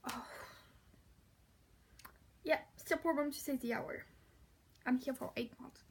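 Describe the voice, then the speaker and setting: A young French woman with a high, light voice vlogging in casual, slightly halting English with a French accent. She rambles and corrects herself as she goes, laughing at her own slips. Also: a little mellow. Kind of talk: casual chat to camera.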